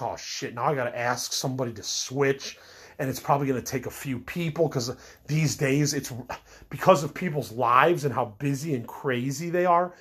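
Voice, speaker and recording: A man's voice: medium pitch, a bit bright, breathy edge. A middle-aged man with a cold, rambling and venting his frustrations in a casual personal monologue, full of fillers and restarts. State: sick with a cold. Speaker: podcast host.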